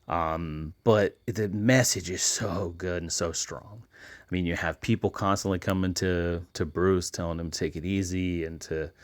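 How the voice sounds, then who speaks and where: A man hosting a casual solo recommendation segment, talking in a relaxed way with frequent ums and restarts. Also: low voice, a little slow, no room sound, studio quality. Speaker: host, comic book retailer.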